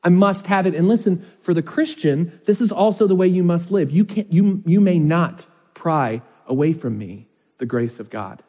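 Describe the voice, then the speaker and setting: A man's voice: high voice, lively intonation, moderate pace, a little mellow, breathy edge, long reverb tail. A man preaching a sermon as pastor. He talks conversationally and often checks in with "right?".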